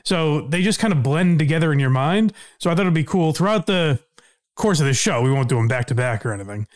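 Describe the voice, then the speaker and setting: A man's voice: fairly high pitch, expressive, brisk. A man hosting a podcast in a casual, reflective, conversational way. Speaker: podcast host. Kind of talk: casual chat.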